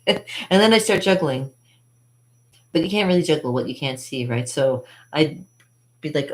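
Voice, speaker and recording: A woman's voice: deep voice, a little slow, pauses often. A woman magician and channel host, telling rambling stories about her childhood in a chatty, digressive way, with frequent laughs and fillers. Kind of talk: rambling personal storytelling.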